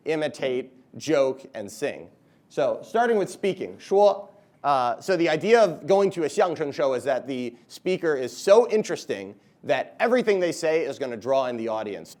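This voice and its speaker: A man's voice: mid-range voice, a little mellow. A man, a comedian, giving a chatty, upbeat talk to students, with many "like"s and "you know"s. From United States. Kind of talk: casual lively presentation.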